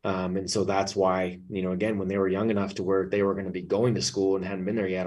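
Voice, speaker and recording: A man's voice: deep voice, flat delivery, fast, few pauses, darkish tone, far from the mic. A man speaking as a guest in a casual interview, blunt and swearing freely. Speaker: podcast guest.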